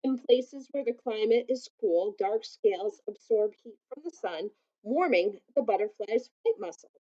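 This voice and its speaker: A woman reading a children's picture book aloud, gently adding asides that explain things to young listeners. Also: a little high, animated, unhurried, highs cut off.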